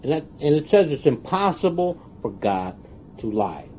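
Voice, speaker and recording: A man preaching a sermon, stressing single words and pausing for weight. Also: on the high side, sing-song, mellow, a little hiss or hum. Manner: emphatic, stressing single words with long pauses. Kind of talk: recorded sermon. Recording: dull lo-fi tape recording.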